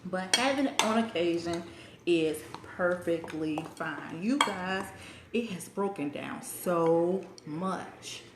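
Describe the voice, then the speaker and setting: A woman's voice: on the low side, slow, echoey room, very noisy. A woman, hosting a casual cooking livestream from her home kitchen and chatting with viewers while she eats. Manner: chatty, talks with her mouth full while eating. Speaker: cooking show host.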